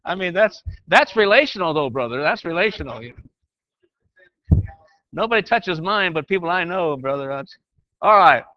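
Animated and high-voiced, the older man speaks at a moderate pace and pauses often, with no room sound in a dry, muffled lo-fi recording. He counsels and teaches church leaders, talking informally to a group in a homespun manner that slips into preaching.

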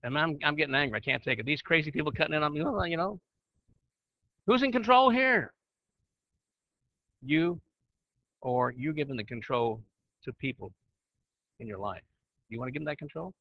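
A man's voice: mid-range voice, a little fast, gravelly, dry recording, muffled recording. A man teaching church leaders in a conversational preaching style, often asking his listeners questions. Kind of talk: sermon-style teaching with slides.

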